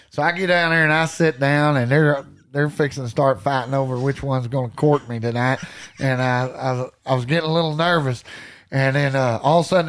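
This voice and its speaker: A man with a Texan accent, a podcast guest telling animated stories with folksy country slang and frequent laughter. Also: medium pitch. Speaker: podcast guest, hunting storyteller. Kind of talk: casual storytelling.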